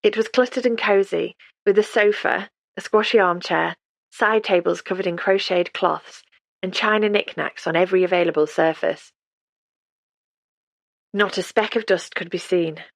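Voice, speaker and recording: A woman narrates an audiobook in a calm, measured way, her voice sitting on the low side. The sound is dry and close to the mic. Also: gravelly, dry recording. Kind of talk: scripted narration.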